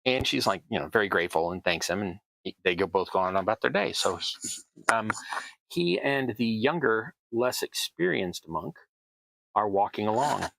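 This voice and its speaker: A man's voice: lowish voice, expressive, moderate pace, vocal fry, fairly bright tone, no room sound, low-quality recording. A middle-aged man with a Southern American accent chatting casually through a hobby crafting tutorial, rambling with self-deprecating asides. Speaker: host, terrain crafter.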